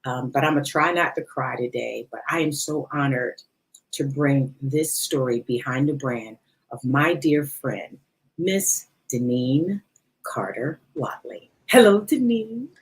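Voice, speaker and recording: Woman, low voice, podcast host, chatty and playful, headset mic. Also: expressive, measured pace, low-quality recording. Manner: chatty, playful, laughs often. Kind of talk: casual chat. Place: studio under lights.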